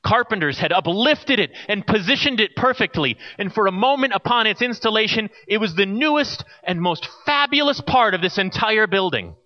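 A male pastor preaching with lively, wide-ranging pitch, a storyteller who leans into every turn of the tale. His voice sits a bit high for a man, and the recording is dull and lo-fi. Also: moderate pace, hardly any pauses. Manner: expressive storyteller, softening to a quiet close. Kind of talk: sermon.

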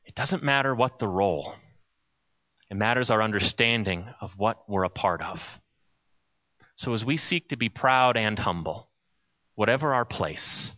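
A male pastor preaching an expressive sermon and telling stories, in a dull lo-fi recording. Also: lowish voice. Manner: expressive storyteller, softening to a quiet close.

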